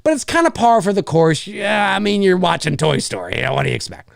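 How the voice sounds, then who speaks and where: A man's voice: sits high, big pitch swings, fast, vocal fry, no echo, clean studio sound. A man hosting a livestream show, ranting casually with exasperation, swearing freely and mimicking noisy children.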